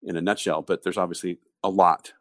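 Deep-voiced man, dry close sound. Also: little pitch movement, fairly quick, fairly bright tone, no echo. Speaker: podcast co-host. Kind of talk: casual business discussion.

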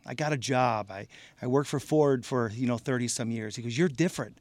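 A man's voice: medium pitch, a little fast, dry recording. Heartfelt man telling a story. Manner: heartfelt, animated storyteller, repeats words. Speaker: guest. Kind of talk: casual interview storytelling.

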